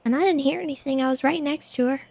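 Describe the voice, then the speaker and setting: A woman in her thirties in a roleplay game, telling what happened in a hesitant, halting way. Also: sits high, gravelly, a little mellow, no echo. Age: 30s. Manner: hesitant, repeats words while telling. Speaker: streamer and roleplay player. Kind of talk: in-character recounting in a game.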